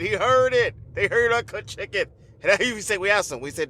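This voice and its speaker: A man in his forties hosting a comedic podcast, talking in an animated, playful way, repeating himself and laughing often. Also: sits high, a little fast. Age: 40s. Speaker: podcast host.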